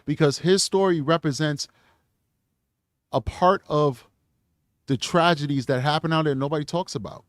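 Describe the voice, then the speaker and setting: A man's voice: fairly high pitch, moderate pace, long pauses, no room sound. Earnest male true crime host, dry. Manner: earnest, repeats himself, many restarts. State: emotional. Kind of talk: live stream sign-off and channel pitch.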